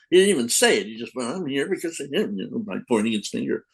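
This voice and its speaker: A man's voice: medium pitch, animated, quick pace, vocal fry, few pauses, slightly rough, rough recording. An older man, a comic book editor, telling rambling anecdotes in a casual podcast interview, acting out quotes.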